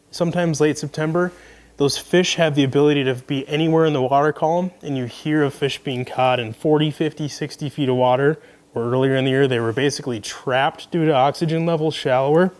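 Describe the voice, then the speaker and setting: A young man, casually explaining his fishing gear in a relaxed, folksy way. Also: medium pitch. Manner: relaxed, folksy, conversational with fillers. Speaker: fishing video host. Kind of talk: casual gear rundown to camera.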